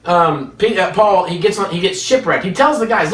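A man's voice: high-pitched, expressive, moderate pace, hardly any pauses, a bit bright. A man preaching a sermon, telling stories with rhetorical questions and chuckles between points. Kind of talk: sermon with storytelling. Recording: echoey room, distant mic.

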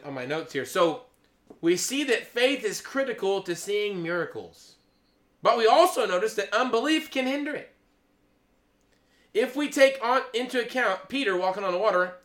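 A man preaching an informal sermon, excitable, laughing, then dropping to a hushed, awed tone. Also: high voice.

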